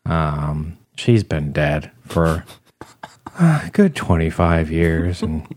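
A man voicing a sad, dumpy, dweeby office man with a slow, mopey, deadpan delivery. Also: a bass voice, voice pushed down, full character voice.

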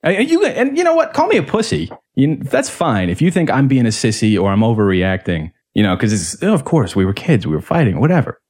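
A man's voice: on the low side, wildly swooping pitch, fairly quick, hardly any pauses, darkish tone. A man casually telling a heated, profane story on a podcast, acting out the people he quotes. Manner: profane, heated, acts out quotes in other voices.

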